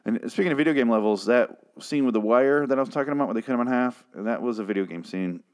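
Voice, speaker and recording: Recapping a TV episode, a reviewer rants in a sarcastic, profane and exasperated way. His voice is medium-pitched, fast and darkish in tone, and the talk is casual.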